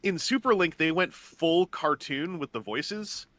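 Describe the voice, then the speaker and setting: On a gaming stream, a man with a somewhat high, slightly bright voice chats casually at a measured pace, with no room sound. He rambles enthusiastically through long explanations, full of fillers and restarts.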